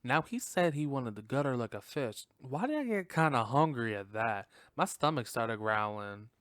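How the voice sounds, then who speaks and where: A man hosting a podcast, reviewing a film in casual chat, profane and animated, laughing often. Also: medium pitch, normal speed, no echo, clean studio sound. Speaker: podcast host.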